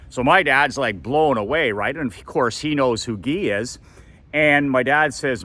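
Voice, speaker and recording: A man, a coach and motivational speaker, telling a personal story in an animated way and acting out quotes with big jumps in pitch. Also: measured pace. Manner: preachy repetition of a motto. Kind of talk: storytelling monologue.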